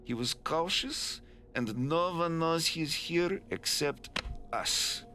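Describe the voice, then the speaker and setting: A man voicing a sly young male translator who speaks halting, broken English. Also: on the high side, pushed and bright, a little hiss or hum, voice pushed up. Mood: translating.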